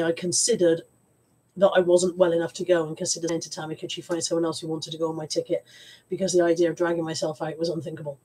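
Woman streaming live from home, stuffed-up cold, breathy voice, chatty and self-mocking. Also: fairly low pitch, warm tone, poor audio. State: stuffy head cold, coughing. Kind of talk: casual live-stream chat.

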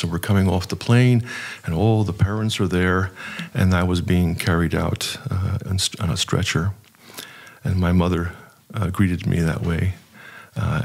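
Low gravelly man telling a story. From United States. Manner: earnest, halting with many uhs. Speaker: archpriest guest. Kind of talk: personal storytelling.

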